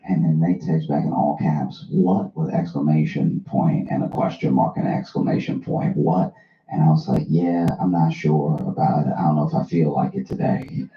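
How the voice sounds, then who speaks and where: A man hosting a casual talk, telling a funny story in a dry, deadpan way. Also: extremely low pitch, moderate pace, vocal fry, crowd noise. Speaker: host. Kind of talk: comic storytelling. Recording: roomy, slightly dull recording.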